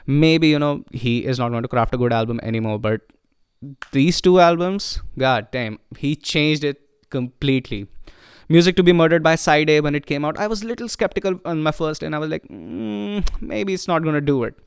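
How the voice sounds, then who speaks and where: Slightly high-pitched and a bit quick, this man reviews albums with loose, excited chatter full of "you know" and "like." His tone is clean, and the studio-quality audio has no echo.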